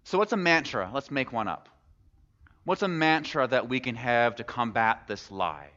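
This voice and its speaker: A man preaches as a pastor in a conversational style, tossing out rhetorical questions and bits of casual humor. His mid-range voice is pushed and bright, with lively intonation and a moderate pace. The sound is muffled and echoes like a hall.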